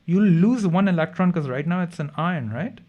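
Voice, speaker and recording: A man's voice: high voice, animated, normal speed, highs cut off. A young man tutoring chemistry in a casual revision lesson, chatty and thinking aloud as he corrects himself mid-sentence.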